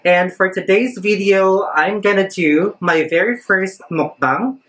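A man's voice: sits high, slow pace, a bit bright, poor audio. A man in his thirties with a Cebuano Filipino accent, hosting a mukbang vlog from home and switching eagerly between English and Cebuano. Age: 30s. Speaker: vlogger.

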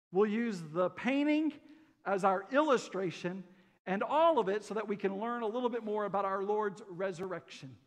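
Man, pastor, folksy sermon, high voice, church hall reverb. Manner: folksy, joking, asks the congregation questions. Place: church sanctuary.

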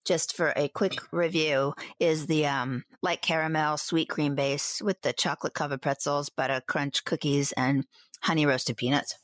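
A woman's voice: low-pitched, fairly even intonation, normal speed, no echo, clean studio sound. A woman co-hosting a podcast, chatting playfully as she taste-tests ice cream flavors and describes each one. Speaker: podcast co-host. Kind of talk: casual chat, live taste test.

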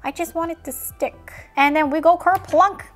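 A woman's voice: very high-pitched, moderate pace, soft background music. A woman hosting a toy unboxing video, narrating in a silly, playful way and making sound effects.

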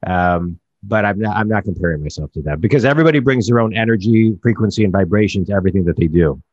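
A man's voice: on the low side, lively intonation, fast talker, a little mellow, no room sound, lo-fi sound. A man talking as a business coach in a casual podcast conversation, rambling and restarting his phrases.

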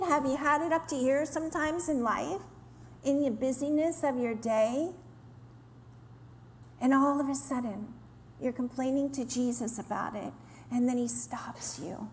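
A woman's voice: sits high, a little hiss or hum. A woman giving a sermon to a women's gathering, earnest and teaching, sometimes acting out complaining voices. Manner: earnest, acts out quoted complaints in lively voices. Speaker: women's ministry speaker. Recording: roomy hall with faint ambience.

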